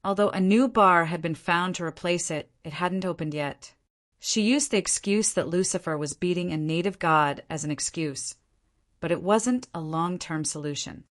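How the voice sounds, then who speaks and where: A woman narrating an audiobook in an even, measured reading style. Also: fairly low pitch. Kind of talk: scripted narration.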